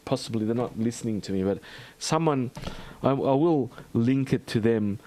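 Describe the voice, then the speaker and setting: An Australian man hosting a livestream in a rambling, halting chat full of fillers and restarts. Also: mid-range voice, mellow. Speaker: livestream host.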